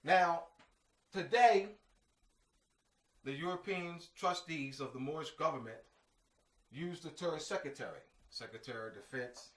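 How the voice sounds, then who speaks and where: In a room with echo and a distant mic, a man gives an informal lecture in a fairly high, expressive voice. His pace is measured, broken by long pauses. He's emphatic and repeats himself, dropping slang asides like "man" and "you know what I mean."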